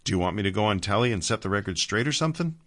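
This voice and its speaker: A man's voice: on the low side, expressive, very fast, fairly bright tone, voice pushed up. A man voicing a weary, teasing man brought back from the dead in a storybook reading. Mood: wry. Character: man returned from the dead, wry, emotional, weary.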